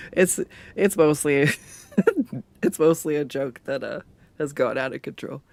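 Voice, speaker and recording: A man with a slightly high voice chats casually while he draws on a livestream. He laughs often and jokes about himself. The sound is dry and close, from a desk microphone. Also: slow pace, vocal fry, darkish tone, no room sound. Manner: laughs often, self-mocking and chatty. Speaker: art streamer. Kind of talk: casual chat while drawing on stream. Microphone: desktop USB condenser mic.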